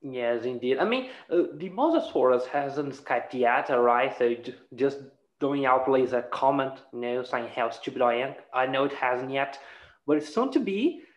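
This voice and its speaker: A man hosting a casual podcast, chatty and laughing often, with lively asides. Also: mid-range voice, normal speed. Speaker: podcast host. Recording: roomy, dull lo-fi sound.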